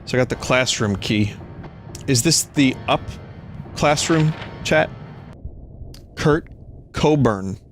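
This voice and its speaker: A man streaming a game, chatting casually and rambling between jokes, swearing now and then. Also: mid-range voice. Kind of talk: casual gameplay commentary. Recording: game music behind the voice. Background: game music.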